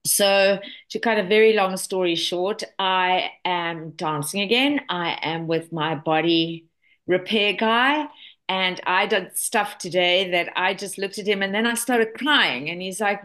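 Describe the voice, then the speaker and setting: A woman's voice: medium pitch, measured pace, a bit bright. Enthusiastic woman in her sixties presenting. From South Africa. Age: 60s. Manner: chatty, enthusiastic testimonial with many fillers. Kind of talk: online product presentation.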